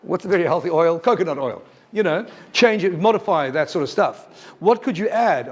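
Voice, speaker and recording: Guy giving a teacher workshop, upbeat and punchy, throws questions at the room, bit of a higher voice. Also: brisk. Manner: lively, emphatic, asks the audience questions. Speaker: teacher trainer. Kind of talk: workshop presentation. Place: university lecture room.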